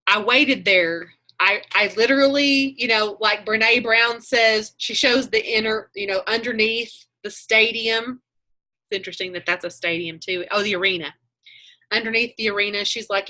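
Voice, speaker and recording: A woman's voice: mid-range voice, normal speed, bright, forceful tone. A woman leading an online group on a video call, chatting in a meandering way and often correcting herself mid-sentence. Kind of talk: casual chat on a video call.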